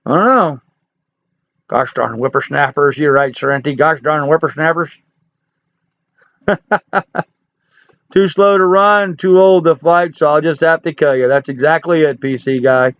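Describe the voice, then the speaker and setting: A man in his sixties chats through a livestream in a folksy, joking way, answering viewers as he goes. His voice sits a little high for a man. The sound is dry and close, with a slightly dull, lo-fi quality. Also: measured pace, clear, resonant tone, dry recording. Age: 60s. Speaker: livestream host. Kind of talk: casual live chat reading viewer comments.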